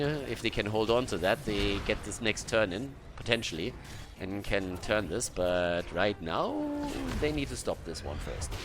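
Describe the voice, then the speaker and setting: A man casting a video game match by himself, excited at big plays and calm between them. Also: lowish voice. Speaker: esports caster. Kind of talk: solo play-by-play commentary.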